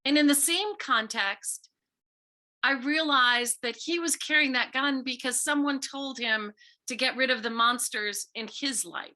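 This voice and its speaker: A woman's voice: high-pitched, a little slow, bright, forceful tone. A middle-aged woman author giving an earnest, storytelling talk to schoolchildren, sometimes acting out quoted voices. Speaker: visiting author speaking to students.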